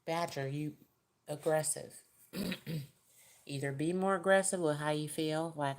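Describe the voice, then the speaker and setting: A woman's voice: low-pitched, steady tone, measured pace, long pauses, a little mellow. A woman giving a casual, chatty tarot reading straight to the viewer, with folksy, direct advice. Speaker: tarot reader.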